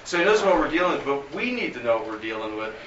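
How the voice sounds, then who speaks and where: A man's voice: medium pitch, big pitch swings, quick pace, fairly bright tone. A man talking casually as a pastor and host, telling stories and often repeating his words. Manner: rambling, repeats words, storytelling. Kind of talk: casual chat. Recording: roomy, distant, dull, noisy.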